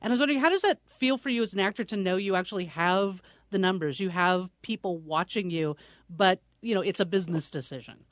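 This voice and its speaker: A woman's voice: lowish voice, fast, no echo. A woman co-hosting an interview, asking careful, hedged questions. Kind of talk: casual radio interview.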